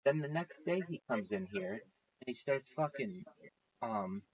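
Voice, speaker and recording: A man's voice: medium pitch, a little slow. A man telling a rambling story on a casual livestream, swearing often and acting out what others said. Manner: rambling, swearing, quotes others in lively voices. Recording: dull lo-fi stream audio.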